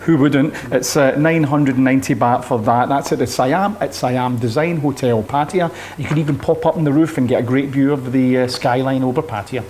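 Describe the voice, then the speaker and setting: A man's voice: mid-range voice, normal speed, hardly any pauses, darkish tone, slight background noise. A man co-hosting a listings show, chatting in a light-hearted, playful way. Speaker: co-host. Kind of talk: casual chat.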